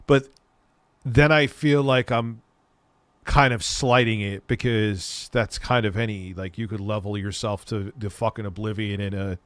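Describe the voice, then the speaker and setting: A man's voice: fairly low pitch, steady tone, measured pace, no room sound. A man hosting a casual livestream, chatting with viewers in a rambling, enthusiastic way and swearing freely. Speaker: streamer host.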